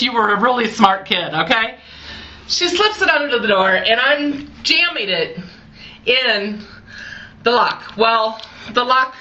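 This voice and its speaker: A woman in her forties telling a personal story to the camera in a chatty, animated way, talking straight to her viewers. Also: a little high, low-quality recording. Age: 40s. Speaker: vlogger.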